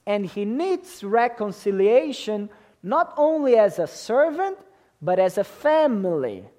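A man's voice: high-pitched, big pitch swings, unhurried, darkish tone. A man preaching a sermon to a congregation in an emphatic way, often checking in with them by asking questions. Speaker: pastor.

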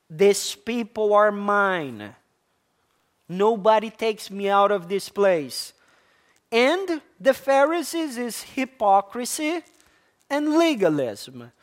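Preacher, sermon, slow unhurried delivery, emphatic, calls out to the church. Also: mid-range voice, very animated. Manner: emphatic, repeats key words, addresses listeners as church. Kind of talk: sermon with questions to the congregation.

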